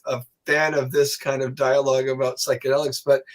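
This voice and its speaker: A man telling a long personal story as a podcast guest, animated and swearing, acting out the voices of people he quotes. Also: mid-range voice, fairly quick. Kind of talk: casual storytelling.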